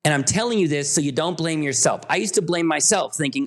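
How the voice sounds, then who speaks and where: Fired-up guy on a podcast, kinda high voice, hammers every point hard. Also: moderate pace, few pauses. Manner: emphatic, insistent, rising to sharp peaks. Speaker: podcast guest. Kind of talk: passionate interview talk.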